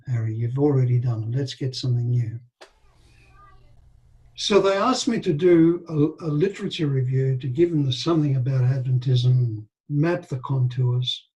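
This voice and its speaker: An older man, telling animated anecdotes with quoted dialogue as an interview guest. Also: medium pitch, poor audio. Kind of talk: storytelling in a casual interview.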